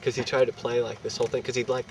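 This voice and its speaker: A young man spins a wild story in a loose, cursing, animated way, breaking into laughs as he goes. His voice sits at an ordinary middle pitch and is picked up from some way off the mic. Traffic and city street noise run clearly underneath. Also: rapid-fire, recorded from a distance. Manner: profane, animated, laughing between lines. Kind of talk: casual anecdote telling.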